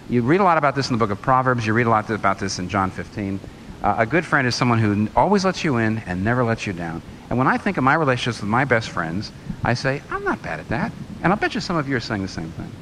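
A man's voice: mid-range voice, background noise. A man preaching a sermon, firing rhetorical questions and telling a story.

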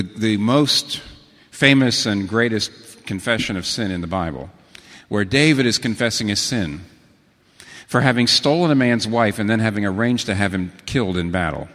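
A middle-aged male pastor delivering a sermon, his voice leaping between soft, low asides and lifted, emphatic questions. He tells stories and reads quotations aloud, and the sound carries the long reverb of a big church hall. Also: moderate pace. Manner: animated storytelling with sudden pitch swings and quotations.

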